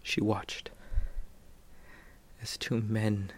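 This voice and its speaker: A man's voice: lowish voice, flat delivery, takes it slowly, long pauses, a little hiss or hum. A man preaching a sermon, retelling a story dramatically, dropping to near whispers and then rising sharply.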